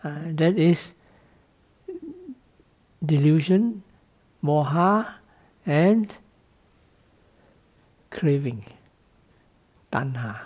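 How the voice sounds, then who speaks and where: Speaking extremely slowly with long pauses, this monk's fairly high, slightly mellow voice stays animated through his dharma talk. He addresses students in loose, non-native English, keeps the teaching playful, often asks "no?" to see if they follow, and laughs lightly.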